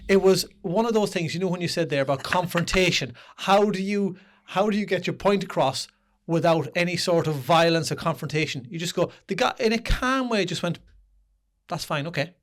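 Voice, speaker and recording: A man co-hosting a casual podcast, telling a lively anecdote. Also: high voice, fairly quick, few pauses. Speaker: podcast co-host.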